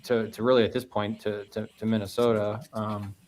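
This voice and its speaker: A man's voice: lowish voice, level tone, fairly quick, darkish tone, a little hiss or hum. Rambling man on a podcast. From Northwest Indiana. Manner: rambling, repeats words and restarts often. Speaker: guest meadery owner. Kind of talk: casual podcast conversation.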